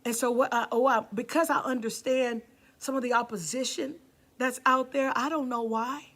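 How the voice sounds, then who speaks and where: A woman's voice: high voice, fairly even intonation, moderate pace, fairly bright tone. A woman pastor preaching with passion, calling out to the congregation and sometimes dropping to a near-whisper for emphasis. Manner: impassioned, calls out to the congregation. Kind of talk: sermon.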